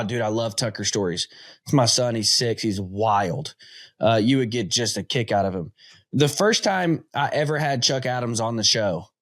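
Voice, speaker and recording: A man in his thirties hosts a relaxed interview, wandering into long stories. He talks in a chatty, rambling way, with plenty of fillers along the way. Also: medium pitch. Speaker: podcast host. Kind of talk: casual interview chat.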